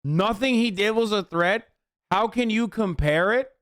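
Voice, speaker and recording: A man's voice: high-pitched, a little slow, fairly bright tone, smooth, no echo, clean studio sound. A man streaming a reaction video, ranting profanely at his chat.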